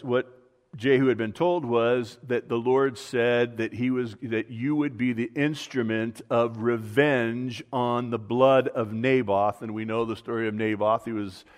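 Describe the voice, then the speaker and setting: Low-voiced man preaching in a reverberant hall. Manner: conversational, with many fillers and restarts. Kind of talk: informal sermon retelling a Bible story.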